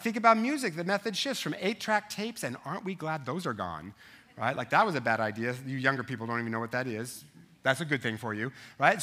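A man in his fifties preaching a sermon as pastor, telling stories with lively asides to his congregation. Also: sits high. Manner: animated storytelling, asides to the congregation.

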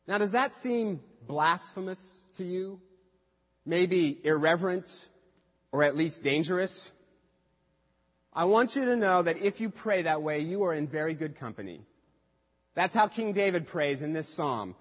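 Male preacher, high-pitched, chatty delivery that slips into playful quoted voices; dull recording. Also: lively intonation, unhurried. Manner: conversational, acts out quoted voices with humor. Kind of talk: sermon. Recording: dull lo-fi sound with long hall reverb.

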